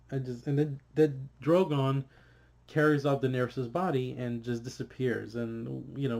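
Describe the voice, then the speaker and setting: A man vlogging a casual, frustrated review, swearing often and filling gaps with "you know" and "like". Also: medium pitch. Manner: frustrated, swears, many fillers, animated.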